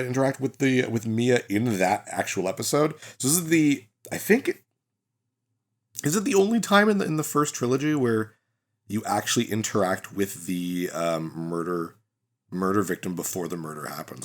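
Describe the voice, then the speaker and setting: A man's voice: lowish voice, sing-song, normal speed. A young man commenting while playing a game, chatty and musing, often restarting his sentences. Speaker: gaming let's-player. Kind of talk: let's-play commentary and reading game dialogue.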